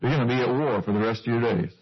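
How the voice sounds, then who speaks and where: A man's voice: mid-range voice, very fast, breathy edge. A male preacher giving a sermon, teaching earnestly and putting questions to his listeners, on a dull lo-fi recording.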